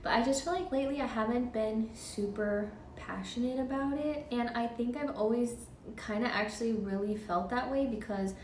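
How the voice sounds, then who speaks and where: A woman's voice: on the high side, darkish tone, distant mic, a little hiss or hum. Chatty woman in her twenties, roomy sound. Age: 20s. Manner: candid, chatty, quick laughs. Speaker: vlogger. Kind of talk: casual personal vlog.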